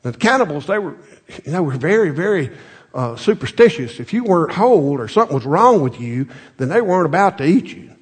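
A man preaching a folksy sermon, telling stories with many restarts and building to loud, emphatic peaks. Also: on the high side, very animated, brisk, husky. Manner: folksy storytelling, repeats words, rises to loud emphatic peaks.

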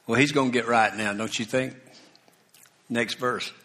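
A male preacher delivering a sermon at an unhurried, deliberate pace, with a forceful, bright tone. He speaks conversationally, dropping asides and repeating key words for emphasis. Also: medium pitch, steady tone. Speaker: pastor.

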